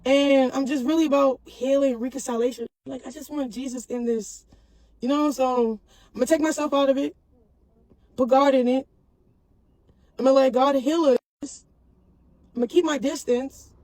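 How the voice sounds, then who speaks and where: This mother's high-pitched voice holds a steady tone and darkish color, moving at a moderate pace with frequent pauses. The audio is poor but has no room sound. Talking to her followers in a casual, heartfelt video, she rambles earnestly and keeps repeating "for real" and "you know what I'm saying."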